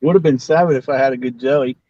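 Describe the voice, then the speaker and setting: A man's voice: medium pitch, quick pace, mellow, dry recording. Laid-back teasing man, dull lo-fi audio. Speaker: angler on a fishing stream. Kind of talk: casual chat. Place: fishing boat outdoors.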